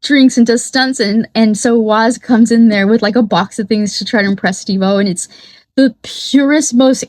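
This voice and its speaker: A woman hosts her own show in a loose, rambling monologue, cursing freely and breaking into laughter. Her voice sits high, and the recording is dry and close. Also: normal speed, a little mellow, no room sound. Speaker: podcast host. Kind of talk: casual monologue.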